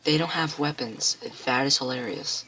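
Excitable man narrating his gameplay. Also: mid-range voice, normal speed, a little hiss or hum. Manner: excitable, talks to himself with frequent exclamations. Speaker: gamer. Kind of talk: let's play commentary.

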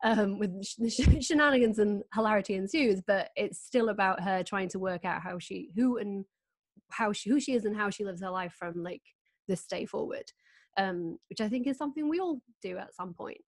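A woman's voice: medium pitch, normal speed, no room sound. A woman, hosting a casual video-call chat, candid and laughing often as she tells stories. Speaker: host.

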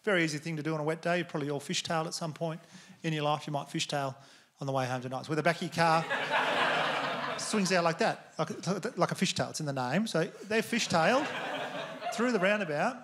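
On a theatre stage before a live audience, an Australian man in his thirties performs stand-up, telling rambling stories full of swearing. His voice is fairly high and fairly quick, and the background is noisy.

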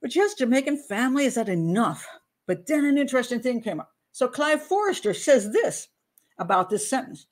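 A woman's voice: medium pitch, expressive, a little fast. Woman host talking through a case casually, chatty and self-deprecating, with a mid-range voice. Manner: chatty, self-interrupting, laughs at herself. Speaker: true-crime commentator. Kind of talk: casual commentary to camera.

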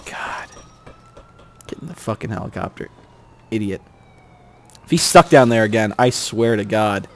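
A man giving gameplay commentary, exasperated and swearing, yelling at the characters on screen. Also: on the low side, animated, unhurried, long pauses. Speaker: let's play host.

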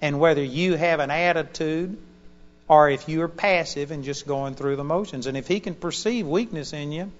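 A man with a high voice delivers a lively sermon, telling a personal story and chuckling as he goes. The recording is dull and lo-fi, and a long hall reverb trails his words. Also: moderate pace. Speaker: preacher.

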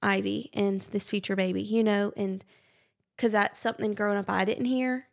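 A young woman, hosting a podcast in casual chat, gushing and animated. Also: medium pitch, normal speed, gravelly. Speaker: podcast host.

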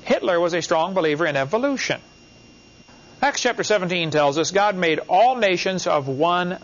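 A man's voice: on the high side, fairly bright tone. A man giving a classroom lecture, emphatic, talking in short repeated phrases and asking the class questions. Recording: dull, lo-fi class recording.

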